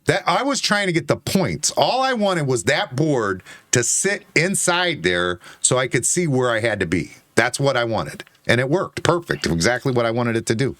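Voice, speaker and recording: Insistent, defensive man with a lively voice. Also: medium pitch, moderate pace, few pauses, dry recording, studio quality. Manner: defensive, insistent, swears, repeats himself. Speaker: co-host. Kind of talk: heated bar-talk argument.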